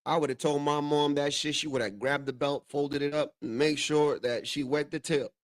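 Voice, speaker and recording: A man's voice: a little high, steady tone, normal speed, no echo, clean studio sound. A man hosting a casual commentary show, reacting to clips with profane, heated, rhetorical ranting. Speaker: show host.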